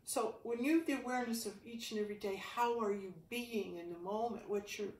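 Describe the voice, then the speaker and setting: A woman teaching a yoga class talks about the spirit and asks earnest questions as she stretches on an exercise mat in an indoor room. Her voice is fairly high and fairly quick, with slight background noise, and the recording sounds roomy, distant from the mic.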